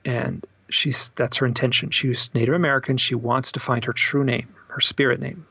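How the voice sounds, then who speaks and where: A man, an author, telling stories in a casual interview, animated and acting out the voices of the people in them. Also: medium pitch, moderate pace, gravelly, slightly rough, no room sound. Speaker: author and podcast guest. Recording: slightly dull, dry recording.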